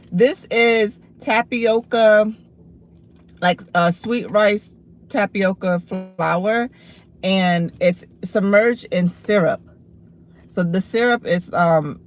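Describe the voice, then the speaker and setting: A woman streams herself eating and talks casually to her viewers. She is blunt and swears freely when she snaps back at her chat. She turns relaxed and chatty when she describes the food. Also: mid-range voice. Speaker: livestreamer.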